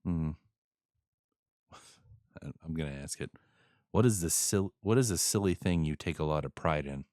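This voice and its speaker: Deep-voiced laughing male host. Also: normal speed, a little mellow, no echo, clean studio sound. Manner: laughs often, teasing. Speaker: podcast host. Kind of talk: casual chat.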